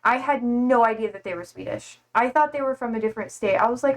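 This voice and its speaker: Rambling woman streamer, slightly high voice. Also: brisk, hardly any pauses. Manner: rambling, laughing, self-deprecating. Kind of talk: casual chat reading live chat.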